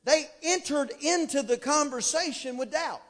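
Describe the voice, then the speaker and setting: Very high-voiced fervent male preacher. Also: moderate pace, in a large hall. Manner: fervent, rising to shouted emphasis. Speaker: pastor. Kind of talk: sermon. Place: church sanctuary.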